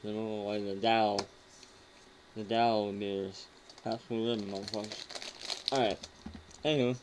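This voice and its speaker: A man's voice: lowish voice, fairly even intonation, unhurried, background noise. A man hosting a casual online show, reacting to videos with a crude, mocking, rambling manner. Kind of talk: casual rant commentary.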